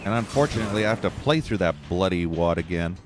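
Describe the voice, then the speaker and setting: A man's voice: low voice, lively intonation, quick pace, over music. Ranting, profane man streaming a game. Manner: profane, ranting, easily frustrated. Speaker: gameplay streamer. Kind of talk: live gameplay commentary.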